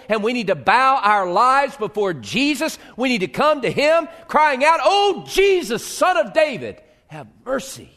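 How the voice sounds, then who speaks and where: A male pastor preaching a sermon, swinging from hushed, slow lines to loud, rising appeals. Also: high-pitched.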